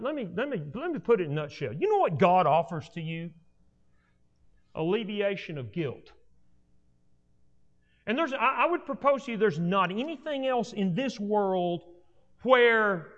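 A high-voiced man preaches with swinging, lively pitch, stacking repeated phrases for emphasis. His voice rings through a church with a long reverb. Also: muffled recording. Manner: animated, repetitive restarts, rising emphatic delivery. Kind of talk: sermon.

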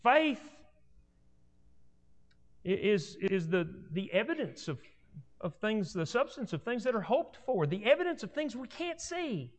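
Animated preacher in a reverberant hall. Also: male voice, high voice, measured pace, pauses often. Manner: animated, repetitive restarts, rising emphatic delivery. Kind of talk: sermon.

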